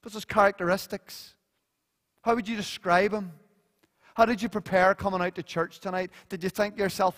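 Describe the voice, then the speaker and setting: A middle-aged man with a Northern Irish accent preaching a sermon in church, animated, swinging between loud emphasis and hushed earnest tones. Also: high voice, brisk. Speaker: pastor. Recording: long church reverb.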